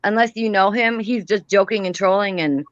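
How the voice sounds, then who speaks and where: A woman's voice: mid-range voice, normal speed, no echo, highs cut off. A woman hosting a casual livestream chat, rambling with many fillers and restarts. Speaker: livestream host.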